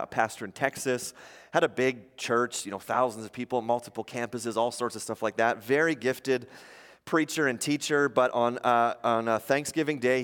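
A man's voice: mid-range voice, a bit bright, clear, resonant tone, long reverb tail. A man preaching a sermon as a pastor, emphatic and earnest, driving his points home with rhetorical questions.

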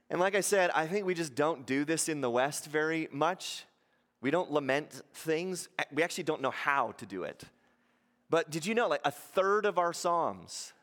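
A man preaching a sermon as a pastor, earnest and animated, his voice climbing and growing loud when he acts out prayers. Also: fairly high pitch, big-room sound. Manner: earnest, rises loudly when acting out prayers.

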